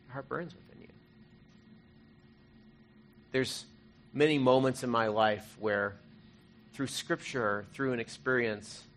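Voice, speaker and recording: A man preaching an Easter sermon, earnest and conversational, rising to loud emphasis and dropping to hushed, soft moments. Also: mid-range voice, a little hiss or hum. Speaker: pastor.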